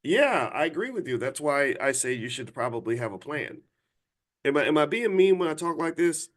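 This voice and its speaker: A man in his fifties hosts a livestream talk for an audience, his voice a little high, expressive, and brisk. He's blunt and insistent, often starting over and pressing viewers to respond.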